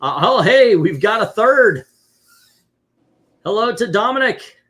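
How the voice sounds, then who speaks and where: A man's voice: high voice, animated, slow, fairly bright tone. A middle-aged man hosting a casual podcast over a video call, joking and rambling as he talks. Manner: joking, rambling, self-interrupting. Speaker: host.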